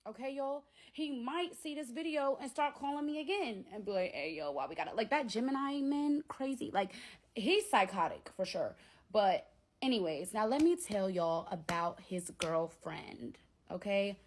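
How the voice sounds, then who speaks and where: A young adult woman telling a casual storytime in a blunt, animated, slangy way, often checking in with her viewers. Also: fairly high pitch, unhurried.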